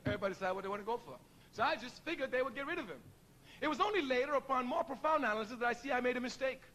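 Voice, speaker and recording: High, bright-voiced man giving a speech. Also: lively intonation, racing. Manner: emphatic, preacherly storyteller. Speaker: speaker addressing an audience. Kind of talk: public speech with storytelling.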